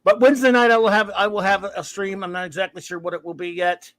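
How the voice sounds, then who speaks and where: A man's voice: sits high, steady tone, fast, a bit bright. A man hosting a casual livestream, joking at his own expense and rambling with fillers as he greets viewers. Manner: jokey, self-deprecating, rambling with fillers. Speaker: livestream host.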